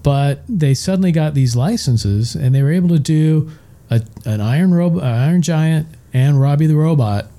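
A man's voice: a little high, lively intonation, moderate pace, warm tone. A man co-hosting a casual chat show, rambling and enthusiastic as he talks. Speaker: co-host, show's chief engineer.

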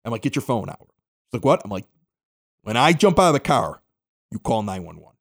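A man's voice: a little fast, vocal fry. A middle-aged man from the Chicago area hosting a local podcast, telling a story casually and acting out the quotes. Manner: animated, acts out quotes with big pitch jumps. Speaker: podcast host.

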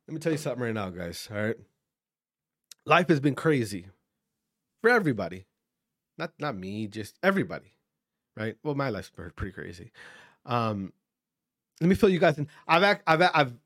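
A man in his thirties from Wisconsin, hosting a podcast and ranting casually with profanity, his voice congested from allergies. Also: medium pitch. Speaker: podcast host. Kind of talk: casual solo rant.

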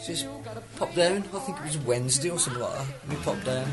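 Hazy, halting man. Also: medium pitch, animated. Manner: hazy, halting, few words. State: slightly hazy. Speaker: podcast guest. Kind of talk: casual podcast chat. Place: podcast studio. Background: loud music.

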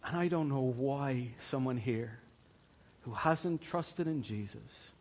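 A pastor preaching a sermon in a church, swinging from hushed, slow words to loud, soaring ones. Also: male voice, medium pitch, lively intonation.

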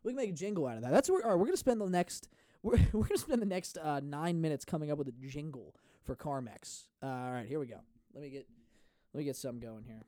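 A man's voice: fairly high pitch, animated, fast, dark tone, no room sound, clean studio sound. Rambling, profane man hosting a podcast. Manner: rambling, profane, goofy self-mocking jokes. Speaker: podcast host. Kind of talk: solo comedy podcast rambling. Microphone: studio podcast microphone.

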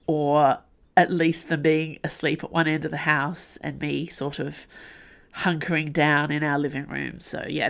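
A woman hosting a podcast, reading a fiction serial aloud with expressive, measured delivery, recorded in a small room with a closed door. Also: low voice, gravelly. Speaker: podcast host and reader. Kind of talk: audiobook serial narration.

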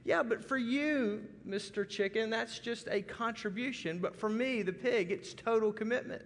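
A man voicing an excitable farm pig in a folksy sermon story. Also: high voice, moderate pace, creaky, voice pushed up. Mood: emphatic. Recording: long hall reverb.

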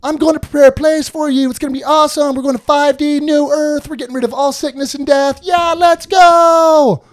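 A man voicing a hyped-up, slangy bro version of Jesus, half shouting with excitement. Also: very high-pitched, a little fast, pitched above the performer's own voice. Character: hyped-up surfer-bro Jesus promising paradise.

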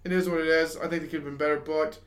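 High-voiced young man ranting, echoey. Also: very fast. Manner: rambling, heavy use of "like", animated rants. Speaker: podcast co-host. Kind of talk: casual wrestling chat. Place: small studio. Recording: echoey room.

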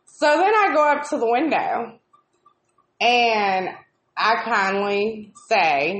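A woman with a mid-range, fairly bright voice tells stories at a moderate pace with lively intonation, swearing constantly and ranting in exasperation. She's co-hosting a live video chat, and the casual, profane storytelling carries a roomy echo over slight background noise.

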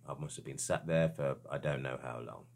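A man telling a personal experience in a reflective, hesitant way, with frequent restarts and searching pauses. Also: extremely low pitch, fairly even intonation, vocal fry, darkish tone. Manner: earnest and searching. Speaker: storyteller.

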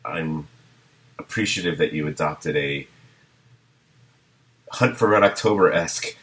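A man's voice: extremely low pitch, unhurried, fairly bright tone. A man hosting a podcast in casual chat, talking loosely with frequent laughs and restarts. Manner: chatty, laughs often, trails into restarts. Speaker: podcast host.

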